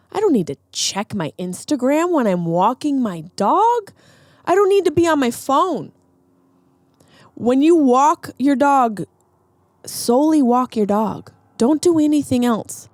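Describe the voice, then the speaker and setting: A woman's voice: on the high side, a little mellow, dry recording. A woman podcast host in a comedic monologue, ranting animatedly with rhetorical questions.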